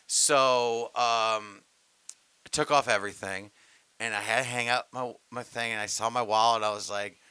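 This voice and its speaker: A man's voice: medium pitch, steady tone, normal speed, pushed and bright, clean tone, no echo. A young man co-hosting a podcast, chatting casually and animatedly, stammering and acting out quotes as he tells stories. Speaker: podcast co-host. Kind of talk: casual comedic chat.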